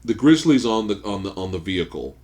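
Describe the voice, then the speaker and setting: A man co-hosting a casual podcast chat, telling stories in a profane, animated way and laughing often. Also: fairly low pitch, fast talker. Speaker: podcast co-host.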